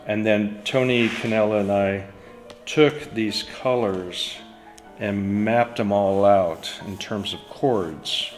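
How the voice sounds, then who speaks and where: Low-ish guy chatting slowly about his art, echoey room, soft music under it. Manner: unhurried, storytelling, trailing fillers. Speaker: painter. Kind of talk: reflective studio talk.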